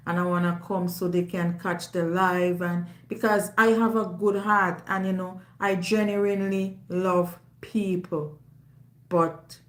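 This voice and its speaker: Jamaican woman, live-stream host, loud and emphatic, roomy echo. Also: on the low side. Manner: loud, emphatic, forthright talker. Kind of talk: casual live-stream chat.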